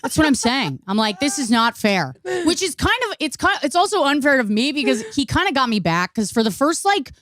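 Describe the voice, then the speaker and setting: A woman with a high, very expressive voice tells candid stories with a self-mocking edge. She swears freely in a relaxed podcast conversation. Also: brisk, hardly any pauses. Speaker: podcast guest.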